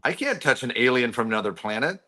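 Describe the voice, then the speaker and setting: An older man chats on a show in a bright, clear tone. He jokes in a laid-back way and rambles with restarts. The chat is casual. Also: mid-range voice, big pitch swings, fast talker. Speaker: show regular.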